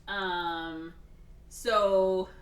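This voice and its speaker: A woman hosting a podcast, casually retelling a film's plot and acting out the characters in quick put-on voices. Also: medium pitch. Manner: animated, acts out characters with quick voice shifts. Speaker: podcast host. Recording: echoey room, distant mic, faint hiss.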